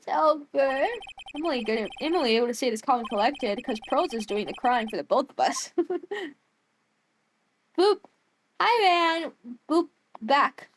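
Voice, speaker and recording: A woman's voice: sits high, moderate pace. Giggly, playful young woman streamer. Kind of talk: casual gameplay commentary.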